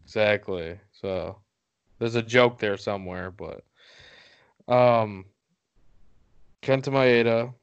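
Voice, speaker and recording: A man's voice: lowish voice, slow, long pauses, clear, resonant tone, highs cut off. A man co-hosting a podcast, chatting casually, rambling through stats and laughing often. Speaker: podcast co-host. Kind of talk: casual chat.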